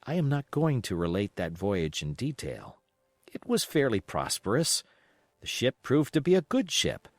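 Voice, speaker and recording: A man reading a classic adventure novel aloud as an expressive audiobook narration. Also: medium pitch, moderate pace, no echo.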